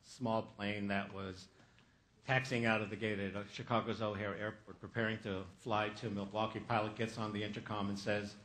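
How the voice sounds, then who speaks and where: A man's voice: lowish voice, level tone, normal speed, fairly bright tone. A man giving a humorous motivational keynote, telling a story with comic asides and acting out the voices of the people in it. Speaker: keynote speaker.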